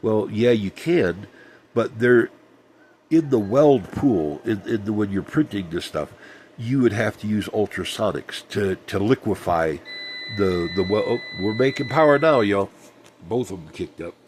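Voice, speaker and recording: A man's voice: lowish voice, lively intonation, measured pace, darkish tone, slight background noise. A middle-aged man, rambling through a casual vlog monologue with many ums and restarts. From Southern United States. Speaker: vlogger.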